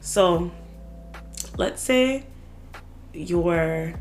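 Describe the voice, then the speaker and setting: A young woman co-hosting a podcast, telling an animated story in casual chat, full of "like" and swearing. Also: lowish voice, drawn-out words, faint music behind. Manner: animated storytelling, swears a lot, heavy filler "like".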